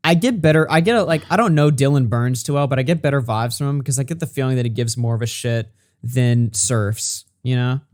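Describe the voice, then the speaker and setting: A man's voice: mid-range voice, brisk, darkish tone. A man chatting casually as a podcast co-host, rambling and profane. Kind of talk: casual chat.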